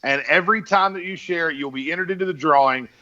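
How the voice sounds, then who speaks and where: A man's voice: on the high side, fast talker, sharp tone, highs cut off. A man co-hosting a casual wrestling podcast, talking in an upbeat, promotional way and laughing often. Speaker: podcast co-host.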